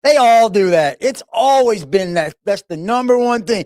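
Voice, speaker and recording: A man's voice: sits high, expressive, normal speed, few pauses, darkish tone, dry recording, studio quality. A man hosting a live stream in a casual, playful way, greeting chat viewers one by one.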